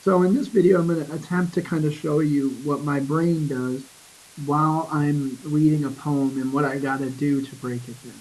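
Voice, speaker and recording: A man teaching a poetry lesson in a screencast, thinking aloud with fillers and reading verse slowly. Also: a little high, steady tone, darkish tone, poor audio.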